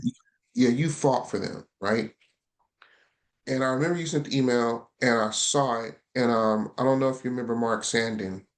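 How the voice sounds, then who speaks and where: A man on a podcast as a guest, speaking frankly and telling lively stories, often repeating himself to drive a point home. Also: mid-range voice, moderate pace. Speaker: guest, consulting founder. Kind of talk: casual podcast conversation.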